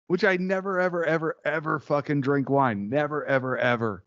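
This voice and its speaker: A man co-hosting a casual, profane podcast swaps stories and laughs often between lines. His voice is on the high side at a moderate pace, and the sound is lo-fi.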